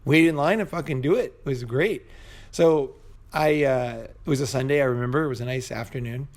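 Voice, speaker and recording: Gravelly-voiced guy rambling through a story, swears a lot, keeps saying you know, right. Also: medium pitch, fairly quick. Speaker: vlogger. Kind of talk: casual storytelling monologue. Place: Bangkok.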